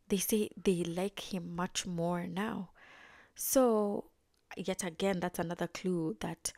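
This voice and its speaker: A woman's voice: on the low side, vocal fry, a little mellow, no echo, clean studio sound. Chatty young woman recapping an episode. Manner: chatty, acts out characters' lines in quotes. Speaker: video reviewer.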